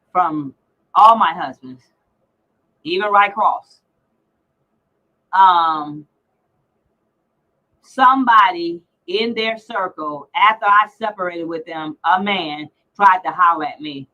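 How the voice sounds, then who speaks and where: A woman's voice: lowish voice, slow, pauses often, dull audio. A middle-aged woman hosting a casual livestream chat, teasing and brash as she reads out comments. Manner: brash, teasing, salty language. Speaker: livestream host.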